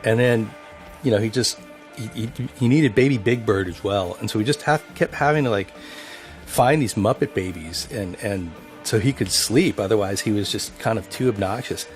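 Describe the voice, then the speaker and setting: A man's voice: fairly low pitch, normal speed, soft background music. A man from a band telling a profane road anecdote in a documentary interview. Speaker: band member.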